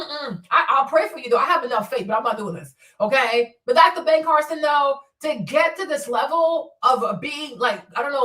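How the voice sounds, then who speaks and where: A woman hosting a casual livestream, talking in an animated, profane way that swings between loud outbursts and quiet mutters. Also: high-pitched, recorded from a distance. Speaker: livestream host. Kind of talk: casual unscripted commentary. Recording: roomy echo, voice a bit off-mic.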